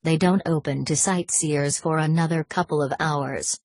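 A woman's voice: sits low, fairly even intonation, normal speed, no echo. A woman reading a haughty old knight. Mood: imperious. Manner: haughty, sharp-tongued. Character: pompous scheming older British knight on crutches.

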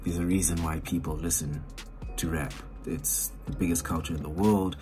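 Speaking at a normal speed with fairly even intonation, this low-pitched South African man, an indie hip hop artist, chats loosely and self-deprecatingly in a home vlog. He records it on a cell phone while music plays behind him.

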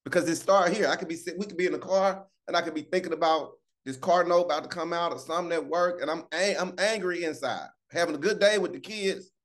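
A man hosting a casual morning devotional on a video call, lively and preachy, calling out to listeners by name. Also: fairly high pitch, fast talker, hardly any pauses. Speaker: morning show host.

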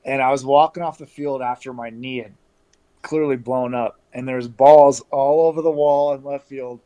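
A man from Canada telling stories as an interview guest over a video call, relaxed and chatty with lots of fillers and restarts. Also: mid-range voice, normal speed. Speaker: interview guest, former pro baseball player.

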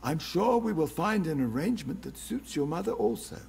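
An actor playing a loyal, formal old butler in a video game. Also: male voice, on the high side, sing-song, normal speed, gravelly, a little mellow, husky, exaggerated voice. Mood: deferential. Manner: deferential, formal. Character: elderly male butler, loyal and polite.

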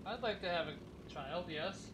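A man's voice: high voice, expressive, a little slow, very noisy. A young man streaming a game, chatting casually with friends and teasing them. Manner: teasing, bossy, calls out plays. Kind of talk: casual gaming chat.

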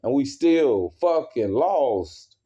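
A man's voice: mid-range voice, sing-song, slow pace, dark tone. A man angrily ranting as a wrestling fan, heavy with profanity and worked up. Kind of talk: casual rant. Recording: dull lo-fi recording.

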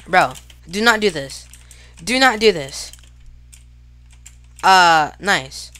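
A woman giving live gameplay commentary, excitable and casual, talking to herself and shouting at big plays. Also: fairly low pitch, slow pace, no echo. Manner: casual slang, talks to self while fighting. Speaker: gaming YouTuber.

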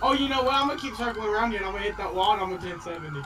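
A man streaming a roleplay game, animated and laughing, swearing often. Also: high-pitched, racing, recorded from a distance, background noise. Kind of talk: casual game roleplay chat.

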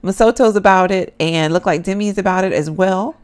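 A woman's voice: mid-range voice, a little fast. A young woman gives casual, chatty commentary as she plays a life-simulation game. She laughs often and talks straight to her viewers. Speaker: gameplay commentator. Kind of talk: casual let's-play commentary.

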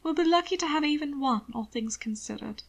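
A woman's voice: sits high, expressive, brisk, voice pushed up. A woman voicing a drowsy, playful young male lover in a light, teasing tone for a read-aloud story.

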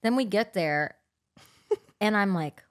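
A young woman co-hosting a casual chat podcast. She tells a story in an animated way and acts out every quote with sudden jumps in loudness. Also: mid-range voice, takes it slowly. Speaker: podcast co-host.

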